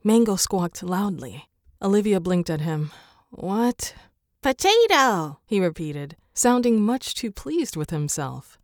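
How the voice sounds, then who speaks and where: A woman narrating a storybook chapter in a gentle, even storytelling manner. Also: on the low side, unhurried, no room sound, studio quality.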